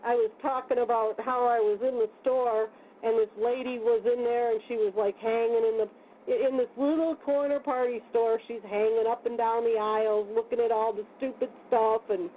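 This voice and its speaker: Radio host, woman, higher voice, animated storyteller, rough-spoken, tinny phone line with faint hiss. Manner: animated storyteller, laughs often, rough plainspoken talk. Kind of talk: casual storytelling chat.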